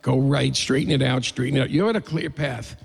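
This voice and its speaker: A man voicing a male co-driver coaching him through a race, gravelly and steady. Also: medium pitch, a little fast, big-room sound.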